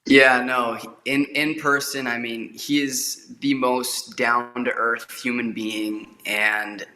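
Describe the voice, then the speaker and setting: A man's voice: mid-range voice, level tone, slow, bright, forceful tone. A young man, an actor, talking eagerly in a casual interview and often repeating words as he goes. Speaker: actor guest.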